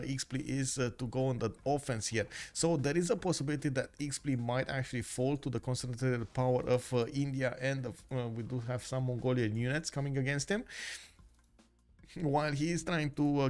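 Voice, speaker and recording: A man giving live commentary on a strategy video game match, talking through the action with frequent hesitations and filler sounds, recorded close on a streaming mic at home. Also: mid-range voice.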